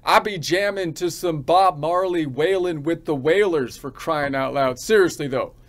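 A man from the United States ranting comically, rambling and halting with frequent restarts. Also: on the high side. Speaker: channel host. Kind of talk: comic rant.

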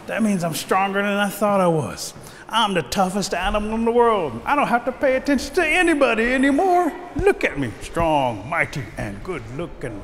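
A man's voice: on the high side, sing-song, unhurried, hardly any pauses. A man voicing a small male turtle who whines when picked on and turns boastful once he feels strong. The recording has long reverb and faint noise.

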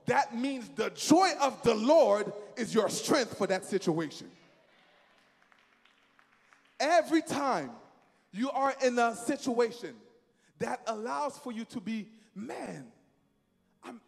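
Male preacher, lively swooping delivery, call-and-response sermon, echoing hall. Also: very high-pitched, creaky. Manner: emphatic, repeats phrases, leads the congregation in call-and-response.

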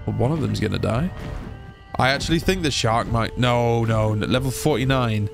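A young man chatting excitedly as he commentates his own game playthrough. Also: medium pitch, moderate pace, vocal fry. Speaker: gaming YouTuber. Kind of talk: let's play commentary. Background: game music.

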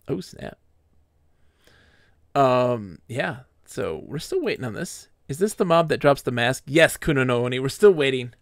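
Gravel-voiced male streamer. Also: mid-range voice, animated, a little slow, no room sound, studio quality. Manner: theatrical, mock-grand. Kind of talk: dramatic reading, then casual stream chat.

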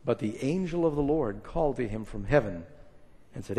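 A man preaching a sermon, retelling a story with dramatic swings between loud and hushed lines and acted quotes. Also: mid-range voice, a little fast. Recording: reverberant hall.

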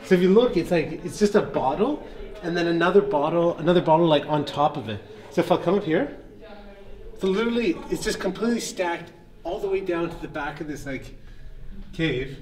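A man's voice: on the high side, lively intonation, a little fast, darkish tone. A man vlogging his travels in an easygoing, chatty way, laughing easily. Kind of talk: casual travel vlog chat.

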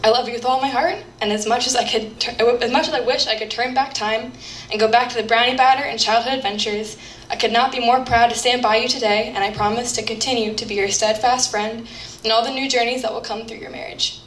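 A woman's voice: fairly high pitch, fairly even intonation, brisk, fairly bright tone. Young woman giving a heartfelt wedding toast. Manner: heartfelt, earnest, reads a prepared toast. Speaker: maid of honor giving a toast. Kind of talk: wedding reception speech. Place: wedding reception hall. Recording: roomy, distant, faint background noise.

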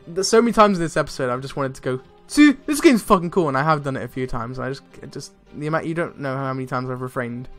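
Excitable young man gaming, swearing freely. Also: mid-range voice, racing, few pauses. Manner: excitable, swears a lot, laughs often. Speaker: let's play gamer. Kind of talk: casual gameplay commentary. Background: faint game music.

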